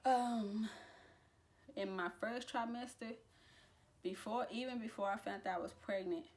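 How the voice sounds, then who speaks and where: A young woman talking casually to camera in a vlog, chatty and relaxed, with frequent fillers and restarts. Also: fairly high pitch, measured pace. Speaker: vlogger. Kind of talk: casual pregnancy update vlog.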